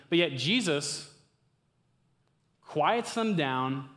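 A young man giving a casual, conversational sermon to a campus ministry group, swinging from loud, excited bursts to hushed, earnest lines. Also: on the high side, slow, pauses often.

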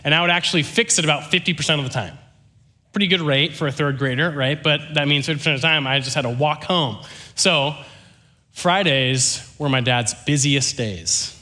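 A young man giving a sermon, telling a story with lively, animated delivery and often checking in with the audience. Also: fairly high pitch, normal speed.

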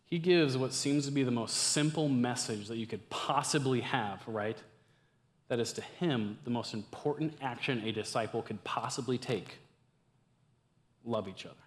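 A young man with a medium-pitched voice preaches at a normal speed to a campus ministry group. His sermon is casual and conversational, swinging between loud, excited bursts and hushed, earnest lines.

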